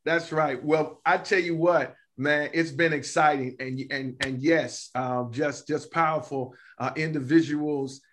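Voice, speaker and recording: Man, talk show host, slightly high voice, affirming, halting. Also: steady tone, fairly bright tone. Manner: affirming, brief interjections, halting. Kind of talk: casual interview.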